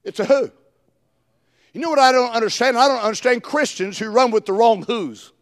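High-voiced fiery preacher. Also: male voice, fairly quick, no room sound, clean studio sound, long reverb tail. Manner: preachy, shouts for emphasis, acts out quoted dialogue. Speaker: pastor. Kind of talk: fiery sermon.

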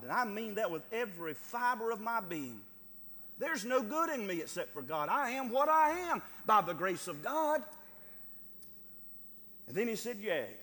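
A man preaching a sermon as pastor, emphatic and calling for amens, moving between loud urging and hushed, quiet lines. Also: sits high, big-room sound.

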